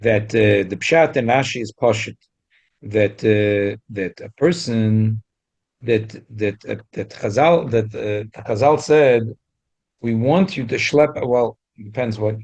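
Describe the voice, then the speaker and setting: A man with a medium-pitched, darkish voice gives a Talmud lesson. Frequent stumbling restarts mark his speech, along with sudden rises for emphasis.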